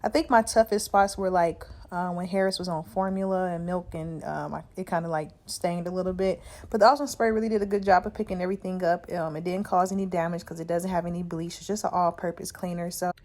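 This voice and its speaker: A woman talking casually through a cleaning vlog in a relaxed, chatty way with many fillers. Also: on the low side, fast, hardly any pauses, no room sound. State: out of breath. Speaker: vlogger. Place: outdoors by a car. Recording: music playing in the background.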